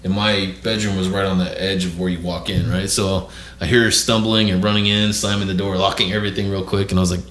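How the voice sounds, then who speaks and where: A man's voice: low-pitched, little pitch movement, quick pace, a crowd in the background. A man hosting a podcast, telling a long story casually, swearing a lot and checking in with "right?" after nearly every beat. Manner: profane, rambling, says "right?" often. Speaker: podcast host. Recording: echoey room with faint noise.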